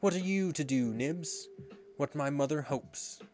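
A man's voice: fairly high pitch, unhurried, darkish tone, slight background noise, voice pushed up, natural voice. A man reading a storybook aloud, voicing polite, nervous young boys.

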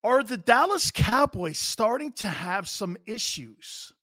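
A man's voice: high-pitched, slow, no room sound, studio quality. A man hosting a sports talk show, ranting casually and brashly to his viewers. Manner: brash, animated, talks straight to viewers.

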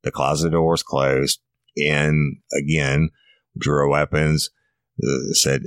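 Very deep-voiced man telling a police story. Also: flat delivery, unhurried, no room sound, clean studio sound. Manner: blunt, profane, laughs while telling. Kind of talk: casual storytelling.

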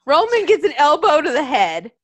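Woman with a really high lively voice, ranting about wrestling, swears a ton, super dry close sound. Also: normal speed, no room sound. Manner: animated, swears a lot, acts out quotes. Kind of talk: casual wrestling chat.

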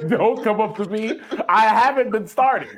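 A man's voice: high-pitched, background noise. A man co-hosting a casual podcast who jokes, teases and bursts out laughing. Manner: joking, teasing, quick bursts of laughter. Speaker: podcast co-host. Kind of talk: casual chat.

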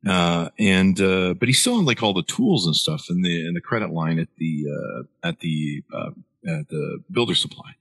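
A man's voice: sits low, animated, normal speed, fairly bright tone, breathy edge, no echo. A middle-aged man, an author guest, telling a long story in an interview with many fillers and restarts.

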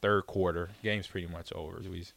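This middle-aged former pro football player has a deep voice with vocal fry and talks a little fast. He tells a story casually and animatedly, acting out other people's voices and laughing often, in a dry recording.

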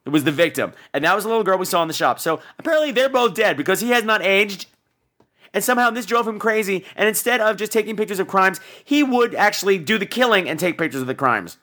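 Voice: medium pitch, animated, fast, a bit bright. A podcast host ranting sarcastically about a bad movie, swearing freely and repeating words for emphasis.

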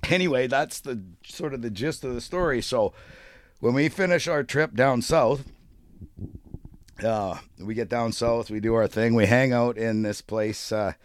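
A man co-hosting a podcast, telling a travel story in casual chat, profane and animated. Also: mid-range voice, unhurried. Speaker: podcast co-host.

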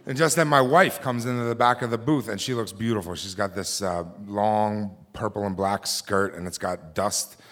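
A man with a fairly low voice tells a true story from his own life before a live audience in a theater. He speaks loosely, with fillers and restarts. The recording is clean and close. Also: moderate pace, few pauses, fairly bright tone. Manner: conversational with frequent fillers and restarts.

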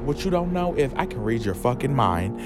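A man's voice: medium pitch, big pitch swings, a little fast, natural voice. A man voicing a sassy, ruthless female demon queen with a campy, drawling diva delivery. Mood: taunting. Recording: music playing under the voice.

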